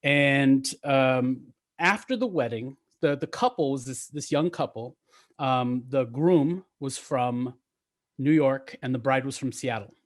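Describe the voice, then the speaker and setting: A man telling a long story to a gathering, halting with ums and restarts, slowing and softening at touching parts. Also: medium pitch. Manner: halting, with many ums and restarts, slowing and quieting at emotional moments.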